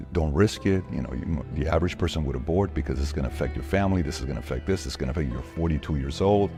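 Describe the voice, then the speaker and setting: Man with an extremely low voice, interview guest, animated storyteller who voices every line of dialogue. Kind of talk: personal storytelling in a podcast interview.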